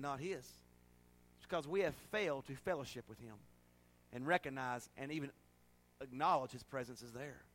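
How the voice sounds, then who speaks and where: A male pastor preaching a sermon, swinging between loud, emphatic declarations and soft, folksy asides to the congregation. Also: on the high side. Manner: folksy everyday examples with audience asides.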